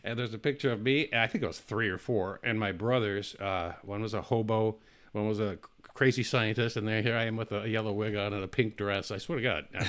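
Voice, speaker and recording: A man's voice: fairly low pitch, fairly bright tone. A man hosting a casual comedic talk show, rambling through jokes and stories with lots of restarts. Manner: rambling, joking storyteller with many restarts.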